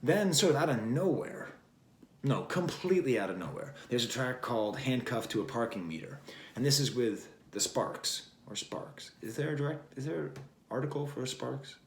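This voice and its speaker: A man's voice: mid-range voice, animated, moderate pace, a little hiss or hum. Rambling man reviewing records in a roomy space. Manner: rambling, wry, digressive with frequent fillers. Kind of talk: casual spoken album review. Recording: roomy echo.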